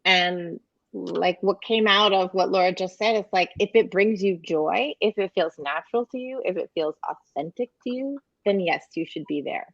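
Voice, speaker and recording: A woman's voice: on the low side, normal speed, gravelly, no echo, dull audio. A woman author on a panel giving encouraging advice, breaking into light laughs now and then. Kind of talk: casual panel chat.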